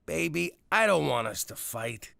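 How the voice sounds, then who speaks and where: Gravelly new york mobster dad, blustery but caves to his kid, swingy pitch. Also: sing-song, a little slow, pushed and bright, dry recording, studio quality, full character voice. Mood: tender. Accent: New York Italian-American. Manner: exasperated, blustering, then tender. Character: Italian-American mob dad, soft on his daughter. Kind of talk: animated cartoon voice acting.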